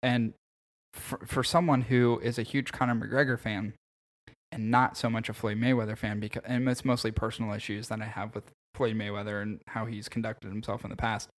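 A man's voice: fairly low pitch, fairly quick. Podcast guy going off about a boxing match, fired up, swears a lot. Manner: animated, opinionated, swears freely. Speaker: podcast co-host. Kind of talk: casual podcast chat.

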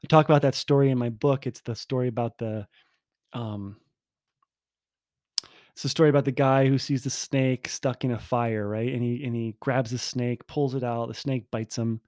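A man's voice: mid-range voice, steady tone, moderate pace, a little mellow, dry recording, studio quality. A man telling a personal story in a casual monologue, rambling and self-interrupting, candid and poking fun at himself.

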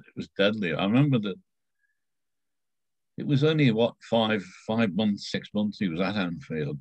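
A middle-aged man telling stories casually, rambling and halting with many fillers and restarts. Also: low voice, no room sound, poor audio. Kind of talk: casual storytelling.

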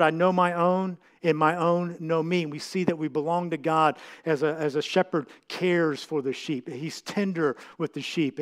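A middle-aged man, a pastor, preaching a heartfelt sermon that often halts and restarts with fillers. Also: on the high side.

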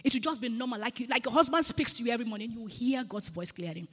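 A woman's voice: fairly high pitch, very fast, breathy edge, big-room sound. A woman preaching a sermon in a church, earnestly repeating phrases for emphasis.

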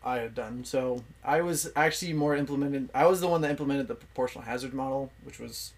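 A man's voice: medium pitch, quick pace. Young man, easygoing podcast guest. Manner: laughs easily, explains with many fillers. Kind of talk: casual chat.

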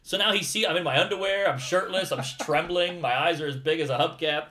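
A man in a casual conversation tells a wild story with animated energy, swearing freely. His voice sits a bit high, and he jumps up sharply when he acts out his own panic. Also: quick pace.

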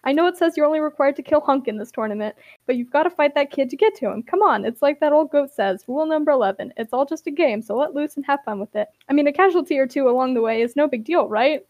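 A woman voicing a scheming male god of the underworld who talks in a rapid, wheedling patter. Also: high-pitched, lively intonation, no echo, muffled recording. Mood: pushy.

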